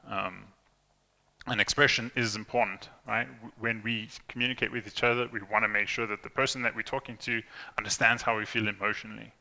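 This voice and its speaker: A man's voice: fairly low pitch, level tone, brisk, vocal fry, bright, forceful tone. A young man giving an informal tech talk to an audience, chatty, with many fillers and restarts, acting out quoted lines. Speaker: conference speaker. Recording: reverberant hall.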